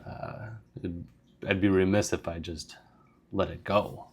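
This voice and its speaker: A man's voice: low-pitched, flat delivery, measured pace, husky, exaggerated voice. A man voicing a scheming male gang boss in a solo tabletop game, wheedling as he haggles.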